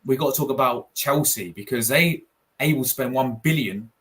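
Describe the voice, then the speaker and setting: A laid-back man hosting a casual football podcast, with a mid-pitched voice. He is easygoing and agreeable and keeps calling people bro and man. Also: normal speed, fairly bright tone. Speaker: podcast host.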